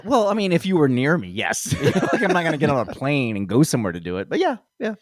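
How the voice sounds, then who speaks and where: A man's voice: a little high, huge pitch swings, fast talker, no echo, clean studio sound. A man hosting a comedy podcast, talking in a rambling way with many fillers and frequent laughs. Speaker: podcast host. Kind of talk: casual comedy podcast chat.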